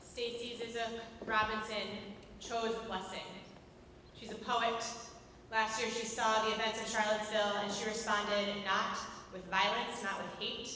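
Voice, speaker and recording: A woman's voice: mid-range voice, level tone, normal speed, sharp tone, slight background noise. A woman at a vigil introducing a poet and reading her poem aloud in a formal, earnest way. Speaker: speaker at a vigil. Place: large synagogue sanctuary. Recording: distant, echoey hall with faint ambience.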